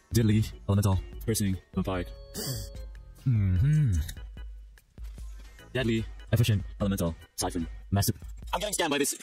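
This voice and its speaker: A man talks over his gameplay in a casual, slangy commentary, sounding exasperated and repeating the same complaints. His voice sits low but swings around a lot, and he rattles off words at a very quick clip. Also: dark tone. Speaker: gaming YouTuber.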